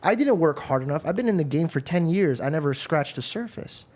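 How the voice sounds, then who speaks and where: A man's voice: fairly high pitch, animated, fairly quick, darkish tone. A man hosting a podcast, telling his faith story in an earnest, rambling way. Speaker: podcast host. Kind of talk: casual faith conversation.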